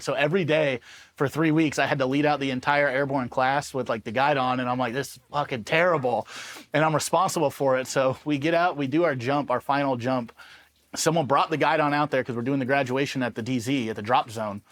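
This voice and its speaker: A former Army Ranger from Los Angeles, USA, appears as an interview guest telling war stories casually and animatedly. He swears freely and acts out the people he quotes, talking fast at a medium pitch.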